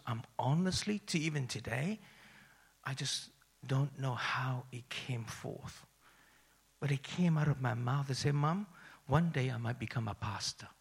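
A middle-aged man from Malaysia preaches a personal testimony, his voice gravelly and a little husky. He swings from hushed near-whispers to bright, excited highs as he tells the story. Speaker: pastor. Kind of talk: sermon testimony.

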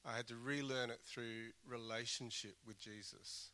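A man giving a sermon, with a bright and forceful voice. He talks earnestly and conversationally, restarts phrases as he thinks aloud, and drops in the odd dry self-deprecating joke. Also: medium pitch, steady tone, normal speed, a little hiss or hum. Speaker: pastor.

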